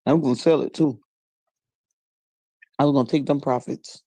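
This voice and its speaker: Brief: woman co-host, casual storyteller, lively and laughing, dark mellow voice, dry close sound. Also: moderate pace, dry recording. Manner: animated storyteller, laughs often, jumps into high voices for quotes. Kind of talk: casual chat.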